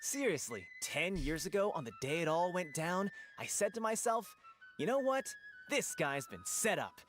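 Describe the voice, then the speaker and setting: A woman voicing a gruff, sarcastic townsperson in a video game, grumbling as she talks. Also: lowish voice, big pitch swings, moderate pace, faint music behind. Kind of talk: game voice acting.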